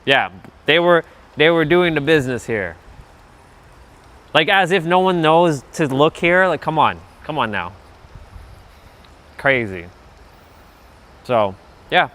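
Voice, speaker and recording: A man's voice: a little high, lively intonation, slow pace, pauses often, fairly bright tone. A man livestreaming as he walks outdoors on a trail, telling stories in a loose, chatty, profane way and laughing often. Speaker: vlogger livestreaming a walk. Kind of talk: casual rambling storytelling.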